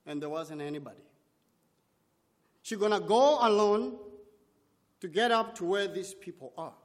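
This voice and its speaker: High-voiced man preaching slowly in a hall. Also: animated. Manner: dramatic, halting delivery in short phrases. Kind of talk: sermon storytelling.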